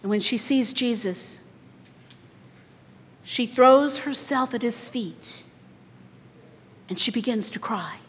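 A woman preaching a sermon, telling the story dramatically, her voice swelling loud and dropping soft. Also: a little high, takes it slowly, pauses often, a little hiss or hum. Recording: long reverb in a large hall.

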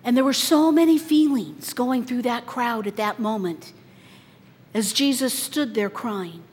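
A woman preaching a sermon, telling the story dramatically, her voice swelling loud and dropping soft. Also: a little high, measured pace, slightly rough. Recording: long reverb in a large hall.

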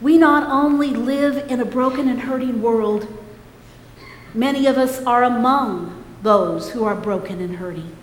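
A woman delivers a sermon in a high voice, taking her time over every phrase. Her emphatic words ring out with long reverb through a church sanctuary. She stops now and then to call on the congregation to answer. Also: slight background noise. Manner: slow, emphatic preaching with calls for response. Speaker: preacher. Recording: echoey church hall.

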